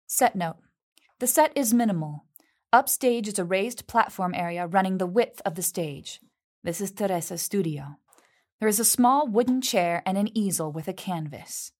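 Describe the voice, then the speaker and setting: A woman reading a play's stage directions in a clear, measured, neutral manner. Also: lowish voice.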